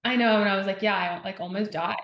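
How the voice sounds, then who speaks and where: A woman's voice: medium pitch, fairly even intonation, fast, reverberant, muffled recording. A woman talking as a podcast guest in casual conversation, chatty and full of "like", retelling what others said. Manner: chatty, heavy use of "like", retells others' words. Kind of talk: casual interview chat.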